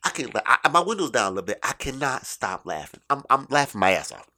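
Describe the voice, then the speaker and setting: A fast-talking middle-aged man with a medium-pitched voice tells a profane, animated stand-up story, lurching between loud bursts and quiet asides.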